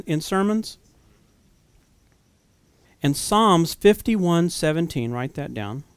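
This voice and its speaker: A man's voice: on the high side, clear, resonant tone, no room sound. A man preaching a sermon in an earnest, conversational way, asking the listeners rhetorical questions.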